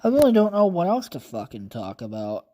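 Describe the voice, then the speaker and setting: A man talks alone into his podcast mic in a loose, wandering monologue. His voice has a mellow, soft-edged tone. He swears freely and fills the gaps with "uh" and "like.". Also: high voice, huge pitch swings, fairly quick. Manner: rambling, casually profane, thinks aloud with fillers. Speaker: podcast host. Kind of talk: casual solo podcast monologue.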